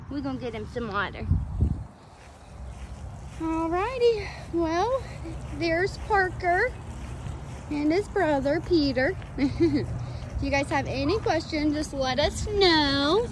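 A woman's voice: high voice, animated, takes it slowly, pauses often. A woman showing her puppies outdoors, coaxing them in a sing-song voice and laughing often, with outdoor noise behind her. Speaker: dog breeder showing puppies. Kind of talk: casual outdoor video with pets. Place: outdoors in a yard on a breezy day.

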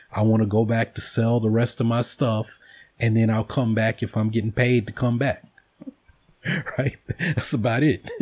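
A man with a casual rambling delivery, profane and joking as he tells stories to his viewers. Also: medium pitch. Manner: profane, joking, animated storytelling. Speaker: vlogger host.

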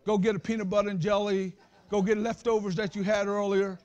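A man preaching a sermon as pastor, talking straight to his congregation with humor and breaking into shouts at the high points. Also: flat delivery, a little fast, highs cut off. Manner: conversational, addresses the congregation directly.

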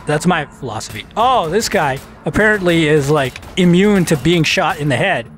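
Man, casual let's-play commentator, fairly high, lively pitch, self-mocking, faint music behind. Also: moderate pace. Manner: joking, self-mocking, talks to enemies on screen.

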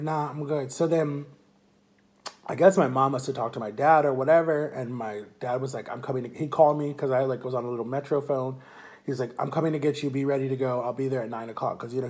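A young man telling a personal story to camera in a casual, animated way, acting out the people he quotes. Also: medium pitch. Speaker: vlogger.

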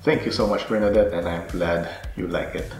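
A man in his thirties talking casually in a gardening vlog, relaxed and easygoing with soft chuckles. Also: low voice, brisk. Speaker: gardening vlogger. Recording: roomy echo with faint music.

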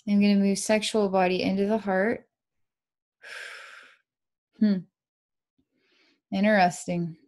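Soft-spoken woman psychic, sighing often. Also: medium pitch, level tone, extremely slow, long pauses. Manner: soft, sighing, repetitive, dreamy narration of visions. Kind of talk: live energy-healing session with a client.

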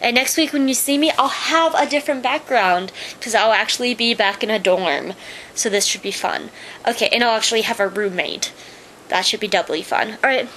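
A woman's voice: a little high, brisk, a bit bright, slight background noise, rough recording. A young woman chatting casually to her webcam, rambling through stories and gushing sign-offs. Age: young adult. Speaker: vlogger. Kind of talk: casual vlog chat.

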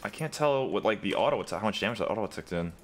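A man's voice: on the low side, expressive, rapid-fire, slight background noise. A young man giving live commentary over his own game, trash-talking opponents and joking with heavy profanity. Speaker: gaming content creator.

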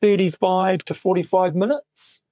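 A middle-aged man with a New Zealand accent, a guest actor on a podcast, telling animated anecdotes in a casual chat with voiced quotes of other people. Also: high-pitched, normal speed, no room sound, studio quality.

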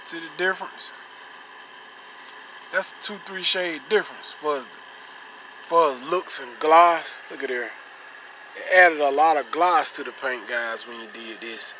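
A slightly high-voiced man walks through a car detailing demo in a relaxed, chatty way. He points things out again and again, coaxing the viewer to look. Vehicle noise and ambience are clearly heard behind him. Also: unhurried, pauses often. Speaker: car detailing channel host. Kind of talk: casual how-to demonstration. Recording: noisy ambience, vehicle sounds.

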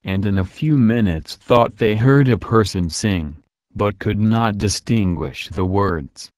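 A man narrates a classic novel as an audiobook, his voice sitting low and his delivery quick and even. The sound is dry and close, with no room around it. He reads every part with the same steady manner. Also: dry recording. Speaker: audiobook reader. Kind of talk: scripted narration.

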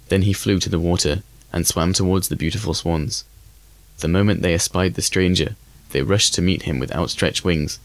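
A man reading a classic fairy tale aloud as an audiobook in a measured, even manner. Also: deep voice, dry recording. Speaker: audiobook reader. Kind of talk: scripted storybook narration.

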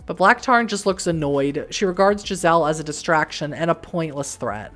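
Woman, let's play host, reading game text, wry asides, lowish voice. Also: expressive, normal speed, fairly bright tone.

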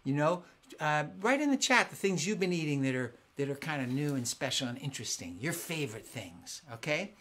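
A man hosting a live-streamed family concert, chatting excitedly with viewers at home between songs. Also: fairly high pitch, a little fast, a little hiss or hum. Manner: excitable, chatty, warm with kids. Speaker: family concert singer and host. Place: home in Southern California.

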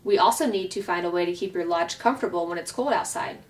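A woman's voice: fairly low pitch, fast, recorded from a distance, natural voice. A woman voicing a stubborn male beaver who talks in a grumbling, folksy way.

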